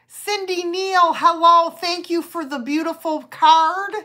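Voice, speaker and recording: A woman's voice: extremely high pitch, steady tone, slow. A middle-aged woman hosting a live online sale, chatting casually and rambling as she greets viewers by name. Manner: chatty and rambling, with many fillers and warm greetings.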